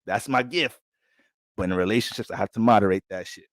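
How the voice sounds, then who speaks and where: A man's voice: on the low side, a little fast, no room sound, clean studio sound. A man giving an astrology forecast in a casual, blunt and profane way. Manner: blunt, streetwise and heavy on profanity. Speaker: astrologer giving a sign reading.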